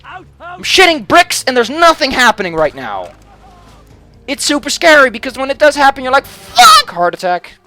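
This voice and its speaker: A man's voice: very high voice, very animated, normal speed, pushed and bright. A man giving casual let's play commentary in an anxious, rambling way, swearing heavily. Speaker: gaming commentator.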